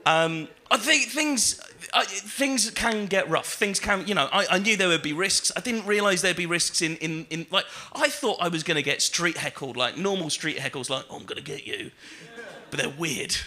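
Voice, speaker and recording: A man doing a stand-up comedy routine on stage, chatty and full of fillers, swearing and building to shouted punchlines. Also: sits high, normal speed. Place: comedy stage with live audience.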